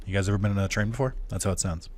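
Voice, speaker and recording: A man's voice: lowish voice, very fast. A young man casually commenting on his gameplay, rambling and self-deprecating. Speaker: let's play creator.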